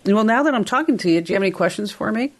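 A woman's voice: medium pitch, expressive, rapid-fire. A woman hosting a radio call-in show, chatting casually and rambling through a story.

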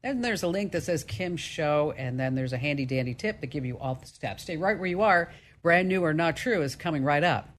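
A woman with a New Jersey accent hosting a call-in tech radio show, chatty and animated. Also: low-pitched, fairly quick.

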